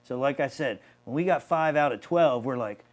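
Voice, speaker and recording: A man's voice: mid-range voice, moderate pace. Earnest man explaining city policy. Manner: earnest, explaining at length with many restarts. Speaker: city mayor. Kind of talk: town hall discussion.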